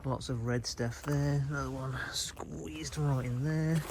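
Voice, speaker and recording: A chatty, wry man talking casually as he walks around a farmyard at night. His mid-pitched voice comes through a clear layer of background noise. The recording sounds rough and outdoors. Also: steady tone, a little slow. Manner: chatty, wry, fond of mild swearing. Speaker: host.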